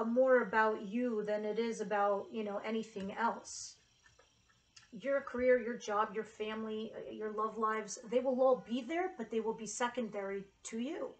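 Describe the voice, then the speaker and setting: A woman's voice: medium pitch, poor audio. A woman giving a casual tarot reading to camera, earnest and emotional, with casual swearing. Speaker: tarot reader.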